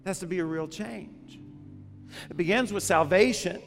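A man's voice: high voice, normal speed, vocal fry, big-room sound, soft background music. A man, a pastor, preaching a sermon in a conversational way, often putting questions to the congregation.

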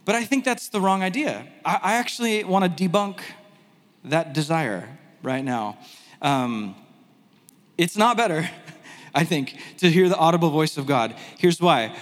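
A man teaching a sermon in a conversational, animated way, with self-deprecating asides. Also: a little high, unhurried, big-room sound. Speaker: pastor.

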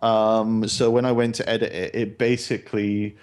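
A man's voice: on the low side, level tone, normal speed, a little mellow. A man co-hosting a live podcast, playful and rambling with lots of fillers and the odd swear. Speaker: podcast co-host. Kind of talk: casual chat.

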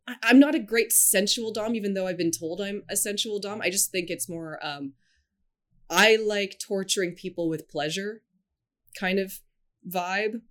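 A woman's voice: mid-range voice, normal speed. A woman chatting casually as a podcast guest, giggling often and rambling with plenty of fillers. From Scotland and China. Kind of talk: casual chat.

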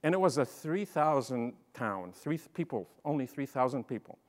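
Middle-aged man, animated, humorous keynote speaker; long reverb of a large hall. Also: mid-range voice, moderate pace. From Lebanon. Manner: animated, humorous, acts out dialogue. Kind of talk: storytelling talk to an audience.

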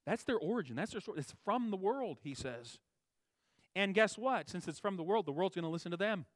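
A man delivers a sermon in a somewhat high voice, recorded dry and close with no room sound. He repeats and rephrases his points, leaning hard on stressed words before dropping low and soft. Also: animated, a little fast, no echo. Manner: emphatic, swings between raised stresses and quiet low asides; repeats and restates phrases for emphasis. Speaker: pastor.

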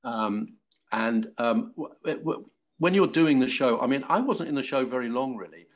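An older man from London, an actor guest in an interview, telling stories in a halting way with many fillers and restarts. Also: medium pitch. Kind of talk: casual interview chat.

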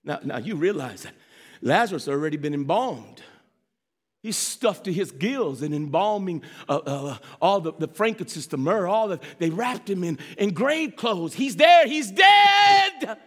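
A man preaching a sermon as pastor, speaking straight to his congregation, swinging from hushed, slow lines to sudden shouts. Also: on the high side, animated. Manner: addresses the congregation directly.

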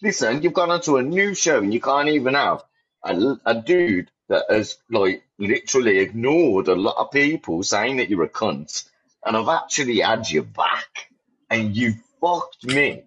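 Man, husky voice, blunt and profane, dull lo-fi recording. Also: mid-range voice, sing-song, unhurried, fairly bright tone. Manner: blunt, swearing, repeats himself for emphasis. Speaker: podcast host. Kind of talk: heated casual chat. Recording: dull lo-fi audio.

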